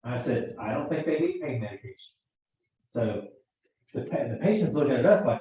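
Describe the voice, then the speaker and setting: A man's voice: medium pitch, sing-song, normal speed, mellow. A man teaching a class for emergency medical technicians, telling work stories and acting out the dialogue. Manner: chatty storyteller, acts out quoted dialogue. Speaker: EMT instructor. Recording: echoey room, far from mic, dull sound.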